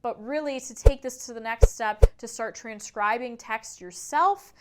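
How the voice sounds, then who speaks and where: A woman's voice: on the high side, a little slow, smooth. A woman singing teacher explaining phonetics in a video lesson, demonstrating sounds aloud in an upbeat way.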